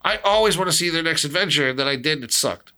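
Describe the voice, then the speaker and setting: A man hosting a casual chat, animated and swearing, acting out movie lines as he talks. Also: a little high, fast.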